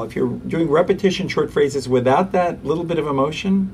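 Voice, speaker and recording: A man, a pediatrician, giving an interview and explaining parenting techniques in an animated way, acting out parents and kids. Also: on the high side, brisk, recorded from a distance, a little hiss or hum. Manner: animated, acts out parents and children.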